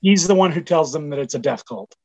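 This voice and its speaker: Husky man chiming in. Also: a little high, animated, fairly quick, a little mellow, dry recording, low-quality recording. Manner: brief interjections, laughs along. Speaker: podcast co-host. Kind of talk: casual chat.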